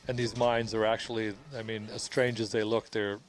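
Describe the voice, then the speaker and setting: A man's voice: fairly low pitch, little pitch movement, a little fast, a little hiss or hum. A man, the film's director, giving rambling commentary full of restarts. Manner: rambling, with many restarts and fillers. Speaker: film director. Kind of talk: film commentary.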